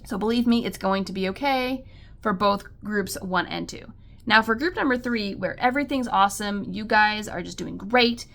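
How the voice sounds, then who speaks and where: A woman with a gravelly, fry-tinged voice who talks to other homeschool parents in an earnest, encouraging way. She sits in the middle of the female range in pitch and fills her sentences with likes and ums. Her tone stays warm in intent and reassuring. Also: moderate pace. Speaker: homeschool mom and channel host. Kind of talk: encouraging talk to camera.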